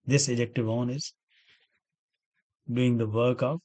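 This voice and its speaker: A man's voice: medium pitch, fairly even intonation, unhurried, darkish tone. A man lecturing on grammar, working through example sentences and asking himself questions before answering them. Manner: repeats key words and asks himself questions. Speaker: English grammar teacher. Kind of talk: explaining grammar examples step by step.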